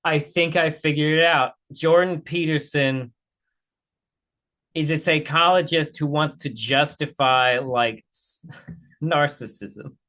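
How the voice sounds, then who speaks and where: A man's voice: on the high side, takes it slowly, sharp tone. A man hosting a reaction video, talking bluntly and swearing freely in casual commentary.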